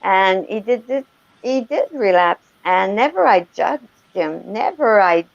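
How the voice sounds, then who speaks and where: A woman speaks slowly and hesitantly, pausing to search for the right word. Her voice carries a gravelly edge. The call audio sounds dry and a little dull. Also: mid-range voice, animated, no room sound. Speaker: caller. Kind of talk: casual chat.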